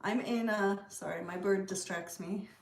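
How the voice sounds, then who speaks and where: A woman's voice: mid-range voice, fairly even intonation, unhurried, gravelly, echoey room. A woman from Canada hosting a casual livestream, chatting and answering viewer comments. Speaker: livestream host. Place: room at home with a pet bird.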